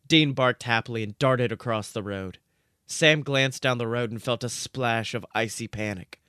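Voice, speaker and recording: A man reading out comic fan fiction in a dry, deadpan narrating voice. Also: on the low side, normal speed, smooth, no echo.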